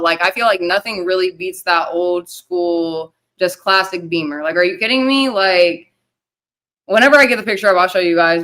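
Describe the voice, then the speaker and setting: Bright-voiced woman hosting a livestream. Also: on the low side, clean tone. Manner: rambling, loose and profane, reading chat shout-outs. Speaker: livestream host. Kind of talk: casual livestream chat.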